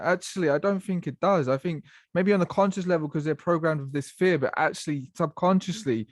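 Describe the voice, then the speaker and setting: A man's voice: fairly high pitch, brisk, few pauses, dry recording. Podcast host, man, musing questions, dry close sound. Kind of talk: casual podcast chat.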